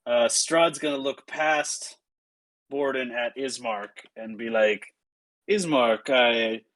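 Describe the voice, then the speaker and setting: A man narrating a tabletop game as game master, often pausing with filler sounds. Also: mid-range voice, fairly bright tone, poor audio. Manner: hesitant, with frequent filler sounds.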